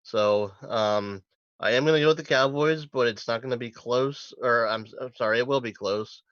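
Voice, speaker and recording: A man's voice: mid-range voice, normal speed, fairly bright tone, no echo, muffled recording. A man co-hosting a casual sports talk show, speaking in a wry, hesitant way with fillers and self-corrections. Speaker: sports podcast co-host.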